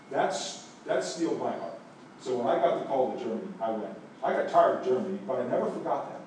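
Pastor preaching in an echoey room. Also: male voice, medium pitch, expressive, fairly quick, recorded from a distance, a little hiss or hum. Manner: storytelling, swings from hushed to emphatic. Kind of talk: sermon.

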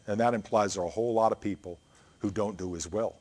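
A man's voice: lowish voice, fast, darkish tone. A man preaching a sermon, earnest and emphatic, building points through repeated phrases and reading scripture aloud. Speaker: pastor.

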